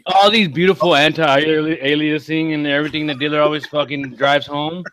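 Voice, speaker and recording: A man's voice: fairly high pitch, steady tone, normal speed, a bit bright, a little hiss or hum. Joking, interrupting man on a podcast. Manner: joking, interjecting, casual cursing. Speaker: podcast panelist. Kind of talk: casual roundtable debate.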